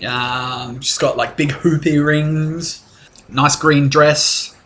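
A man's voice: on the high side, steady tone, takes it slowly, a bit bright, slight background noise. A young man narrating a tabletop game as game master, casual, with fillers and laughter.

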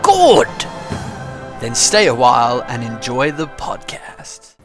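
Playful man doing a slow podcast intro. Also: medium pitch, wildly swooping pitch. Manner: playful, exaggerated. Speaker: podcast host. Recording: intro over music.

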